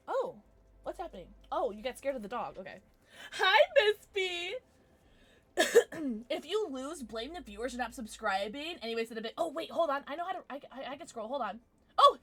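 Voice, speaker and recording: A giggly young woman chats with her stream viewers in a casual, steady flow. Her slightly high voice swings widely, going from bubbly, loud squeals to soft mumbles.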